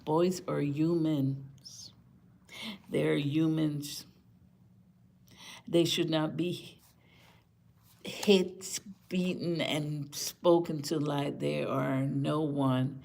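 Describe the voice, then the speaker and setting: Slow, gravelly-voiced woman chatting live. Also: low-pitched, fairly even intonation, darkish tone, a little hiss or hum. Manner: chatty, indignant, repeats words for emphasis. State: tired after a rough morning. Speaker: vlogger talking to live viewers. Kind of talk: casual live-stream commentary.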